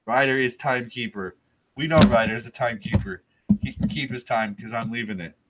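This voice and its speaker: A man's voice: on the low side, steady tone, moderate pace, a bit bright, dry recording. A man hosting a live stream alone, drunk and rambling in a jokey, self-mocking way.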